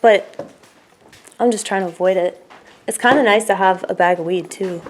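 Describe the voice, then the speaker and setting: Chatty woman rambling to her channel, laughs a lot, goes loud then mumbly, bit of background hiss. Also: mid-range voice, moderate pace. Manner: rambling, laughing often, drifting from loud to murmured. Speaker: YouTuber. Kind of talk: casual vlog chat.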